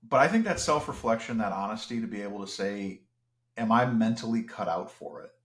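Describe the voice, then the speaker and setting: A man's voice: fairly low pitch, expressive, brisk, a bit bright, echoey room. A man as an interview guest, talking in an earnest, reflective way with frequent restarts. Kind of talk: casual podcast conversation.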